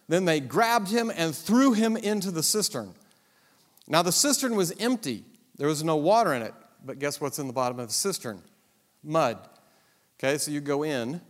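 Preacher, high animated voice, wry storyteller, church hall reverb. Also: male voice. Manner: humorous, dramatic storytelling. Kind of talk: sermon.

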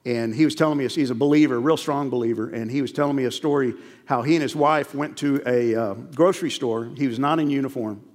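A man's voice: mid-range voice, fast talker, few pauses, a little mellow. A male pastor preaching a sermon, earnest and emphatic, repeating key phrases and telling stories to make his point. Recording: long reverb of a large hall.

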